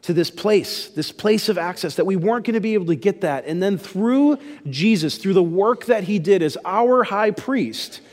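A man's voice: high-pitched, lively intonation, normal speed, few pauses, darkish tone, in a large hall. A man pastor giving a sermon in a casual, conversational storytelling way.

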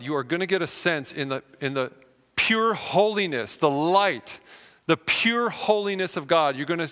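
A male pastor preaching a sermon with animated, vivid storytelling in a church hall. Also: fairly high pitch. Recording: long hall reverb.

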